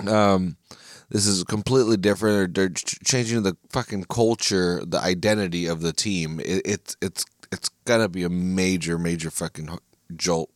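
A man's voice: low voice, fairly even intonation, normal speed, no echo, clean studio sound. An American man hosting a solo podcast, ranting in a frustrated, profane way and often restarting his sentences. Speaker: podcast host. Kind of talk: solo casual podcast rant.

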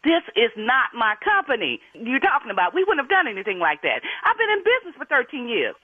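A polite woman speaking on the phone, with a high, lively voice that rises and falls a lot. She keeps addressing the caller as sir and tries to calm him down. The sound is thin, dry and phone-like. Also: a little fast, husky, no echo. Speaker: bakery owner. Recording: tinny phone line.

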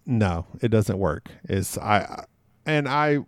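A man chats as a podcast guest and tells animated stories, often laughing as he talks and poking fun at himself. His voice is recorded close and dry, with no room sound around it. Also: lowish voice, slow pace, no room sound. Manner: animated, laughs often mid-sentence, self-deprecating. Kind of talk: casual conversational storytelling.

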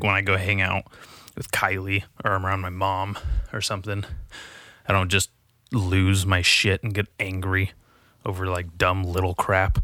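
A man's voice: low voice, fairly bright tone, dry recording, studio quality. A young man ranting casually from his apartment, rambling and profane, mocking himself as he goes. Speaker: vlogger. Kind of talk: casual profane rant to camera. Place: apartment at home.

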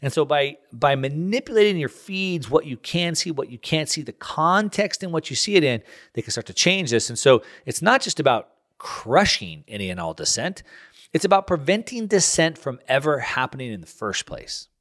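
Male host, middle-aged, casual solo talk, rambling and animated. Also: normal speed. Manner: rambling, off-the-cuff, animated pitch jumps. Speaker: show host.

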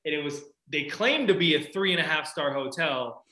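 A man's voice: on the high side, lively intonation, moderate pace, bright, forceful tone, echoey room, poor audio. A man, a touring golfer, telling a laid-back story in a casual chat with frequent laughs. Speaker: guest golfer.

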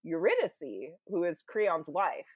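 Speaking slowly in a husky, fairly low voice with big swings in pitch, a woman guest on a podcast chats her way through a story. She uses lots of fillers and acts out quoted lines in playful voices. The recording is dry.

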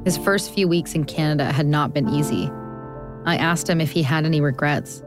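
A woman reading scripted narration about her father in a calm, measured way. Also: deep voice, music in the background. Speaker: narrator, speaker's daughter.

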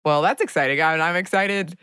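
A woman co-host who chats with bubbly enthusiasm. Her voice is very low for a woman and sounds dry and close, with no room around it. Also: a little fast, fairly bright tone, smooth, dry recording. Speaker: podcast co-host, voice actor. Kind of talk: casual chat.

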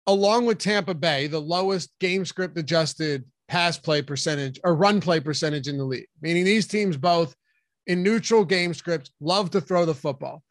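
A man's voice: on the high side, moderate pace, no room sound, clean studio sound. A man co-hosting a fantasy football strategy show, making emphatic arguments about which players to avoid. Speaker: co-host. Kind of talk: fantasy football analysis chat.

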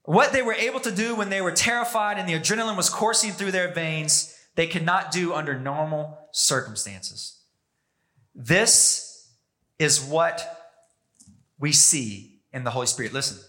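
A man preaching a sermon as pastor, emphatic, pushing his pitch and pace up and down for emphasis. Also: a little slow, bright, forceful tone.

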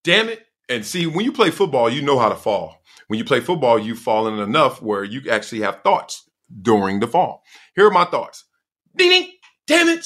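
A middle-aged man with a lilt spins a story on his podcast. His voice is bright and forward, and it swoops up and down as he acts out what everyone said and every crash and yelp. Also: mid-range voice. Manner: expressive, acts out quoted voices and sounds, laughs often. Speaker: podcast host. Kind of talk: animated storytelling.

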